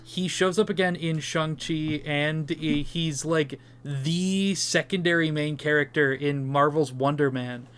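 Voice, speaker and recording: A man's voice: fairly high pitch, fairly even intonation, measured pace, hardly any pauses, fairly bright tone, clean tone. A young man co-hosting a casual movie review podcast, enthusiastic and swearing casually. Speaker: podcast co-host.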